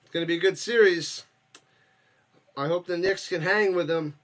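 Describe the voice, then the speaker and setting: Man, fairly high voice, live stream host, casual play-by-play, chatty and jokey, bursts up on big plays. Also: normal speed, a bit bright. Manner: loose, jokey, reads chat, bursts up for plays. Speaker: watch party streamer.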